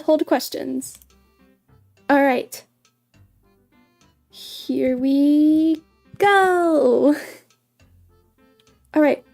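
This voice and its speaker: A woman with a high, mellow voice chats with her stream viewers in an easy, unhurried way. She is bubbly and giggly, and often trips over and repeats her words. Soft music plays faintly behind her. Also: vocal fry. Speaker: VTuber streamer. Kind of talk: casual livestream chat.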